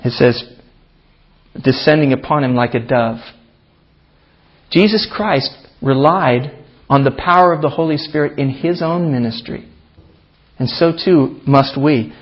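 A man's voice: medium pitch, unhurried, pauses often, breathy edge. A man preaching a sermon as pastor, reading scripture aloud with emphatic, rising delivery. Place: church. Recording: dull archived church recording.

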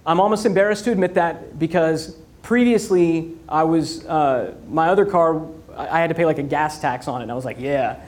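Man, keynote speaker, higher voice, energetic, rhetorical, repeats for emphasis. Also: fairly quick. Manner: animated storytelling with rhetorical questions and repetition. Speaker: conference speaker.

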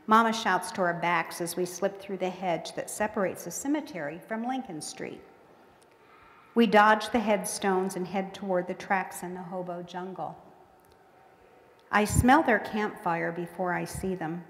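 A woman's voice: lowish voice, fairly even intonation, unhurried. A woman author reading her book aloud with folksy storytelling in a museum courtroom. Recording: echoey hall with long reverb.

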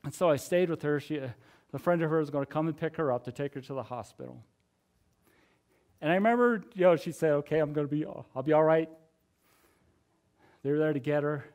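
A middle-aged man preaching a conversational sermon, sharing a personal testimony in an earnest, chatty way with many fillers and soft laughs. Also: a little high, a little fast, long pauses.

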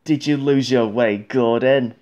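A man voicing an eager young male steam engine, who speaks brightly. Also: mid-range voice, a little slow, dull audio, close to an everyday voice. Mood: teasing.

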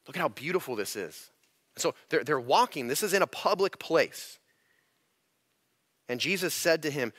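A man's voice: fairly high pitch, animated, normal speed, long pauses, a bit bright, no echo, clean studio sound. A male pastor teaching through scripture in a conversational sermon, often repeating words as he restarts his thoughts. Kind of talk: expository sermon. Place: church sanctuary.

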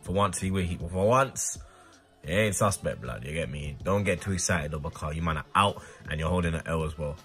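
A young man giving slangy, excitable running commentary on a football video game. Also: low-pitched, brisk, faint music behind. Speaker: gaming YouTuber. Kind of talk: casual gaming commentary.

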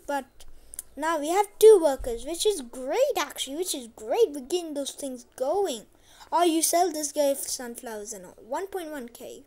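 High-voiced chatty woman playing a game. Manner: chatty, repeats herself, trying to speak loudly. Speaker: gameplay commentator. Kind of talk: casual gameplay commentary.

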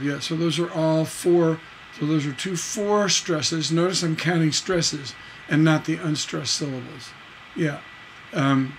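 A man's voice: on the high side, measured pace, slight background noise, low-quality recording. A man teaching songwriting on a livestream, reading lyrics and counting beats aloud, with many fillers and restarts. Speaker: songwriting instructor.

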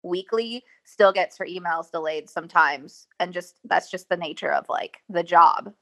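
A woman speaking on a music panel, soft and quiet. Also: on the low side, normal speed. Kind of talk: casual panel talk.

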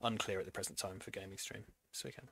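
A man's voice: low-pitched, steady tone, vocal fry, bright, forceful tone, breathy edge. A man hosting a live stream, chatting casually in a jokey, rambling way. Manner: jokey, rambling, quick to laugh. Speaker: stream host.

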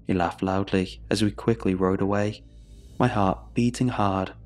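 Male horror narrator, low steady voice, measured delivery, faint music underneath. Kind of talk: scripted horror story narration.

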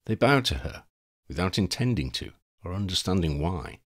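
A man narrating a fan fiction audiobook chapter in an expressive, dramatic storytelling style. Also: sits low, moderate pace. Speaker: audiobook reader.

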